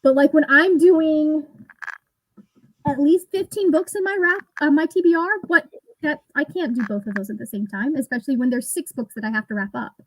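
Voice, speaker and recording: A woman's voice: sits high, moderate pace, slight background noise, low-quality recording. A woman in her thirties hosting a casual online reading session, rambling and laughing often as she chats. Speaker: booktube host. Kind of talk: casual livestream chat.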